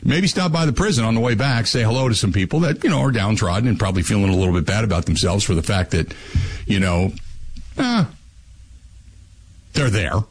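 A man's voice: fairly low pitch, a little fast, long pauses, breathy edge. Guy hosting sports talk radio, jokey storyteller, voice swings up and down a lot. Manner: animated storytelling, lively and joking.

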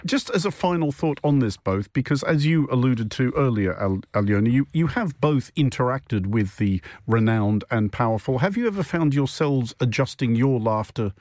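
A man's voice: medium pitch, lively intonation, moderate pace, hardly any pauses, a little mellow, dry recording. A man hosting a radio panel game in a studio, making dry, wry quips between questions. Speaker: radio show host.

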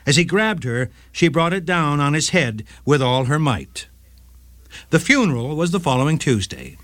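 A man's voice: a little high, normal speed, dry recording. A man hosting a short legal radio segment, reading a scripted case story with dramatic flair. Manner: dramatic, lively storytelling read.

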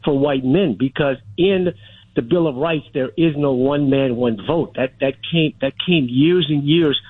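A man's voice: on the high side, a little slow, breathy edge, dry recording. A middle-aged man calling a radio show, arguing insistently and holding his ground over interruptions. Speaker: caller. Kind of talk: radio call-in talk. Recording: phone line.

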